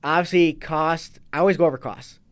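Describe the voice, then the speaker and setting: A man's voice: on the high side, fairly even intonation, fairly quick, clean tone. A man, a fitness and kettlebell coach, talking loosely as an interview guest and restarting his sentences often. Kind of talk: casual interview talk.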